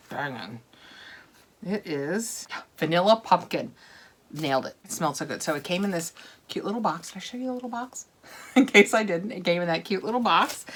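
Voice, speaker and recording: A woman in her thirties with a low voice, chatting casually as she unboxes items on camera. She gushes, laughs easily and slips into soft whispers while sniffing things. A faint hiss of noise sits under her voice. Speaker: unboxing vlogger.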